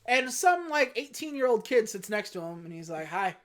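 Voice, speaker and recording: A woman's voice: a little high, sing-song, normal speed. A woman podcast host in casual chat, recapping a film in a laid-back, profane storytelling way with wry asides.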